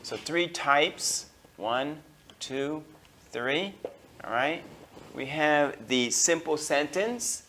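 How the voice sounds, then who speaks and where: An American man teaching an English grammar lesson, slowing down on key terms and filling pauses with okay and all right. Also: a little high, expressive, sharp tone, slight background noise. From United States. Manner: slows down to stress key terms.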